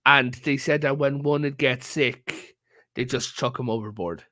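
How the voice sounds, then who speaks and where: A man's voice: mid-range voice, unhurried, bright, forceful tone, dry recording. A man from Ireland, a guest in a casual history chat over a video call, telling stories with frequent "like" and "right?". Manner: storytelling, peppered with "like" and "right?".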